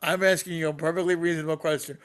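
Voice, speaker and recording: A man's voice: fairly high pitch, little pitch movement, racing, fairly bright tone, clear, resonant tone. A man co-hosting a podcast in casual banter, teasing and repeating himself to needle his partner. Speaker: podcast co-host.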